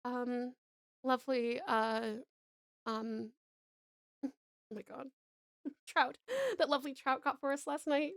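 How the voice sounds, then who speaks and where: Australian woman, live streamer, high bright voice, dry close mic, effusive and casually profane. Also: steady tone, takes it slowly, pauses often, no echo. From Tasmania, Australia. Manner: gushing, effusive thanks with casual swearing. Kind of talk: live stream chat with viewers.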